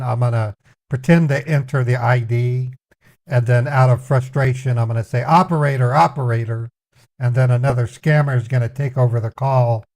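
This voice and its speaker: A man's voice: mid-range voice, darkish tone. Casual man explaining to viewers. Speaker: host. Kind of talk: casual live-stream commentary.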